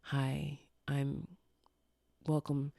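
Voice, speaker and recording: A woman putting on a shy, anxious teenage girl who mumbles flatly and hesitantly. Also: rumbling low, drawn-out words, creaky, no room sound, clean studio sound, heavily acted. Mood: timid.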